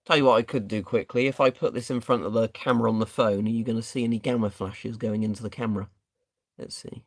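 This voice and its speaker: A man's voice: fairly low pitch, steady tone, fast talker, no room sound, studio quality. A man doing a casual live stream, chatting and thinking aloud while he tests equipment.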